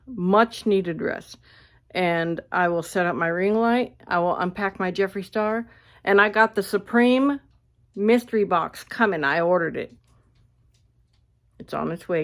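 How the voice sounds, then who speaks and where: A woman ranting casually to her viewers, blunt and animated, swearing freely, recorded on a phone indoors at a friend's house. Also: lowish voice. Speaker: vlogger.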